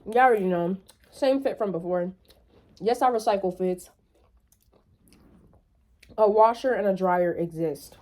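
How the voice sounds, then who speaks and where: Casual and lively, a young woman vlogs a story with lots of swearing and rapid comments to her viewers, speaking in a mid-range voice.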